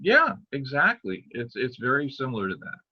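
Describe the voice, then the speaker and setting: An older man, a pastor, chatting casually on a podcast, telling stories and halting jokes and sometimes losing his place. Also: mid-range voice, wildly swooping pitch, highs cut off. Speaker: pastor and guest father.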